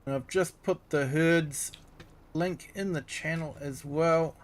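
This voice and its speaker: A man's voice: fairly high pitch, slow pace. A middle-aged man with a New Zealand accent, chatting casually with viewers on a game stream. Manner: relaxed, chatty, replies to viewers. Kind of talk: casual live-stream chat.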